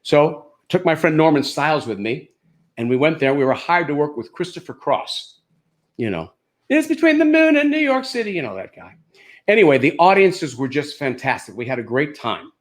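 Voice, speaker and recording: An older man who is a comedian, telling stand-up stories in an animated, anecdotal way built around punchlines. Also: medium pitch, moderate pace. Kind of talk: stand-up storytelling.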